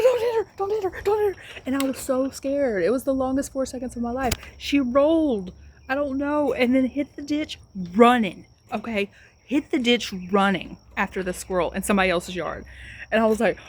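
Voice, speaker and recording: Young woman, high voice, chatty storyteller who laughs a lot; faint noise behind her. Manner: laughing often through the story. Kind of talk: casual storytelling.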